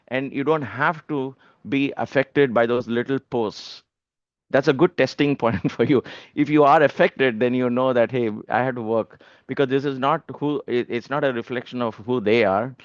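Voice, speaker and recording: Earnest man giving a halting spiritual talk. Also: mid-range voice, no room sound. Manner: earnest, halting, many restarts and fillers. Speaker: spiritual speaker. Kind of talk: devotional talk. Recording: dull lo-fi dry sound.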